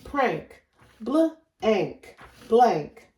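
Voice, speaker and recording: A woman teaching a phonics lesson, sounding out word chunks slowly and overemphasizing each sound. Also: fairly high pitch, big pitch swings, dark tone. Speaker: reading teacher. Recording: echoey room, voice a bit far from the mic.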